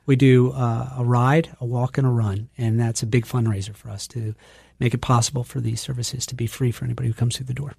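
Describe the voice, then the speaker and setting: Gravelly-voiced man chatting casually. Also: medium pitch, brisk, no room sound. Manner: relaxed, with frequent fillers. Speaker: podcast guest. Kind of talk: casual conversation.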